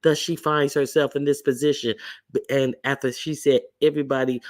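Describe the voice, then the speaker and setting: A man's voice: medium pitch, level tone, a little fast. A man hosting a livestream, giving blunt, sassy gossip commentary and greeting chat viewers between remarks. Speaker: livestream host.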